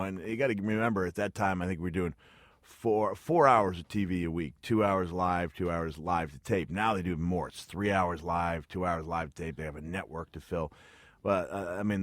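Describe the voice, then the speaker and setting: A man's voice: deep voice, no room sound. A middle-aged man telling wrestling stories as a radio interview guest, chatty and self-deprecating, laughing often. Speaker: guest, retired pro wrestler. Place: radio studio. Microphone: studio mic.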